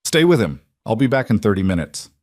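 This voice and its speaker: Cold mafia boss, clipped and stern, voiced by a man narrator, low dry read. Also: sing-song, a little fast, darkish tone, no echo.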